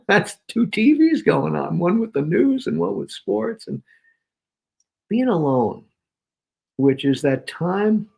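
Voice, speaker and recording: Gravelly-voiced man from New York, emphatic motivational guest, mid pitch. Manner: energetic, emphatic, punchy repetitions. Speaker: guest speaker. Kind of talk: motivational interview talk.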